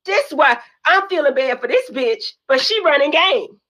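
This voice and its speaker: A woman's voice: sits high, expressive, normal speed, a bit bright, rough recording. An older woman talking bluntly and emotionally in a heated podcast chat, swearing freely and rambling. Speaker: reality TV guest.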